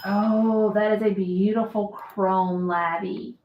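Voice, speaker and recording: A woman's voice: medium pitch, fairly even intonation, takes it slowly, muffled recording, slight background noise. A woman hosting a casual live stream, chatting and laughing often as she answers viewer comments. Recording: roomy echo.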